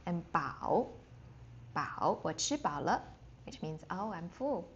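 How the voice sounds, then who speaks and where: A woman teaching a live online Mandarin lesson, speaking slowly and patiently with frequent fillers and quick apologies, jumping to a high sing-song pitch to demonstrate tones. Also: sing-song, highs cut off, slight background noise.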